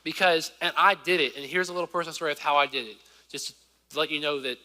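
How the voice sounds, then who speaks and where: A man in his twenties from Southern Virginia with a slight lisp, preaching a sermon in a church. He swings between loud exhortation and quiet personal asides. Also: a little high, quick pace. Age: 20s. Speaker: youth preacher. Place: church sanctuary. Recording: long hall reverb.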